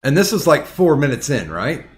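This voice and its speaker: A man's voice: fairly high pitch, big pitch swings, normal speed. A man hosting a casual podcast, retelling a story in a heated, profane way with lots of restarts. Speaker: podcast host.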